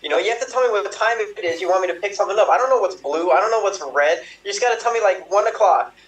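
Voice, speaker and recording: A man playing a goofy, flirtatious space engineer in an improvised comedy scene, rambling and giggly with low crooning asides. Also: very fast, lightly acted. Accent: put-on Bulgarian. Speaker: improv performer. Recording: roomy, picked up from a distance.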